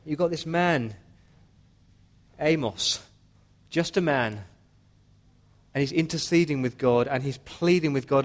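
A man's voice: on the high side, a little slow, long pauses. A man preaching a sermon as pastor, earnest and pleading with his listeners.

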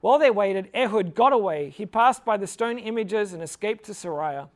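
A high-voiced man gives an informal Bible talk full of jokes. He chuckles along and leans on "like" as he retells the story in a casual teaching style. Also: animated, moderate pace. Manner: jokey, chuckling, fills talk with "like".

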